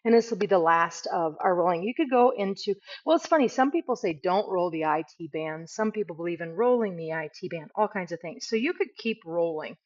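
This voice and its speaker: A woman's voice: on the low side, lively intonation, a little fast, hardly any pauses, highs cut off. A woman teaching a yoga class, giving casual, self-deprecating cues while she moves through the poses. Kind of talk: guided yoga instruction.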